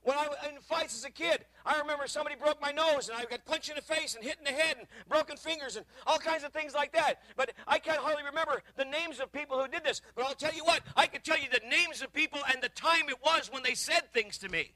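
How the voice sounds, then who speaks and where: A middle-aged man preaching as a guest pastor, telling stories conversationally and swinging from loud emphasis to quiet asides. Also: very high-pitched, fast, hardly any pauses, no echo, low-quality recording. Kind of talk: sermon.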